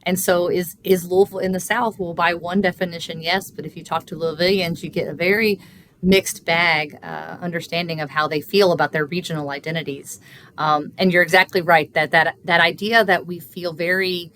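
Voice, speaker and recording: A woman researcher explaining language in an interview, measured and teacherly, with frequent fillers. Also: lowish voice, fairly even intonation, fairly bright tone, slight background noise. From Kentucky. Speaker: linguistics researcher guest.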